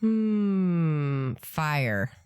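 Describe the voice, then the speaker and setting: Stuffy nosed woman co-hosting a podcast, low voice, slow and bouncy, laughs a lot. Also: lively intonation, darkish tone, clean tone, no room sound, studio quality. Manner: playful, laughs often. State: stuffy nose from a cold. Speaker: podcast co-host. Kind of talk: casual chat.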